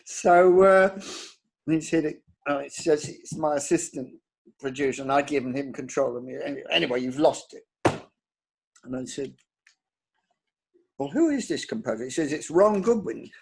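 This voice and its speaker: Older man with a husky voice. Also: a little high. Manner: halting, restarts words often, lively storytelling. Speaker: composer, interview guest. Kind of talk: anecdotal career interview.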